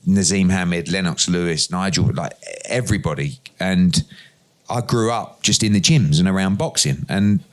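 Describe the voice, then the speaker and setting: A middle-aged man, an interview guest, telling lively anecdotes and acting out the dialogue in them. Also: low voice, normal speed. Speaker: interview guest, boxing promoter. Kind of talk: conversational storytelling.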